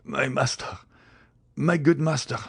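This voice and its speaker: A man's voice: on the low side, animated, a little fast, darkish tone. A man voicing a loyal old male servant in an audiobook, respectful and then gasping in pain. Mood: agonized.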